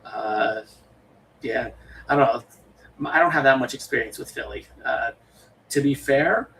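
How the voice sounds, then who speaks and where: American male streamer, gravelly, rambling casual chat, a bit off-mic with faint room hiss. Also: mid-range voice, unhurried, bright, forceful tone, distant mic, rough recording. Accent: General American. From western United States. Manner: rambling, many fillers and restarts. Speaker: livestream host.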